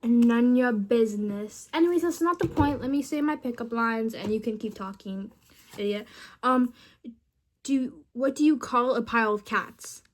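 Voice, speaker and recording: A woman's voice: a little high, moderate pace. Rambling young woman chatting playfully. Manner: rambling, playful, mumbles asides. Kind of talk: casual chat with a chatbot.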